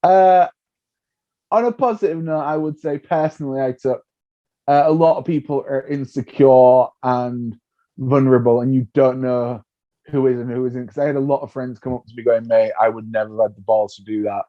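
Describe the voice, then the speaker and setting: A man, a comedian being interviewed, telling stories in a lively way, acting out what people said and laughing often. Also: mid-range voice, normal speed. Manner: animated storyteller, acts out voices, laughs often. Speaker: comedian guest. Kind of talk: casual interview chat. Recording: dull lo-fi sound.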